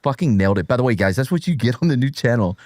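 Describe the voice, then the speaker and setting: A man's voice: medium pitch, expressive, rapid-fire, darkish tone, dry recording, studio quality. A man co-hosting a casual political show, joking and self-mocking and easily distracted. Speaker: podcast co-host.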